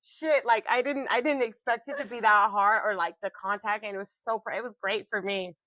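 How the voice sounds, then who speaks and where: A woman in her twenties co-hosting a podcast, telling stories in a loud, boisterous way with lots of swearing and laughter. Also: medium pitch, steady tone, brisk, no echo. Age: 20s. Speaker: podcast co-host. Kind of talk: casual chat.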